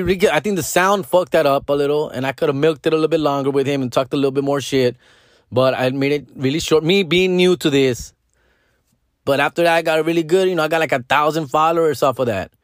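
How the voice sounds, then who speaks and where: A man's voice: on the high side, dry recording, studio quality. A man in his thirties talking in a casual, rambling vlog monologue, cursing freely and dropping Spanish slang as he explains his comedy videos. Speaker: social media comedy creator.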